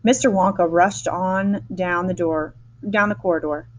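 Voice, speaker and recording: A woman reading a children's chapter book aloud, lively, with small slips and restarts. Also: lowish voice, moderate pace, slight background noise. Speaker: storyteller.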